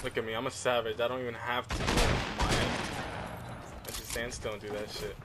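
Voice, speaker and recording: A man giving excitable, profane play-by-play while he plays an online shooter, taunting opponents. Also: mid-range voice, a little fast. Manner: excitable, cursing, trash-talking. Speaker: gaming commentator. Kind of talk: live gameplay commentary. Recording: loud gunfire and game noise. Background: loud game gunfire and explosions.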